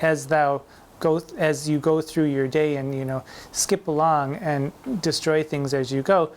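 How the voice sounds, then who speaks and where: A man performing in drag who hosts a playful, theatrical talk on a sonnet and recites the verse slowly and emphatically. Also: fairly high pitch, steady tone, a little hiss or hum. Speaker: drag performer hosting a poetry show. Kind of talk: campy poetry lecture with recitation.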